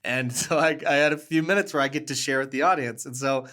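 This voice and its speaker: A man telling stories as a podcast guest, animated and earnest, often laughing and restarting his sentences. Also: medium pitch, fast talker. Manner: earnest, warm, with fillers and restarts. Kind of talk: conversational storytelling.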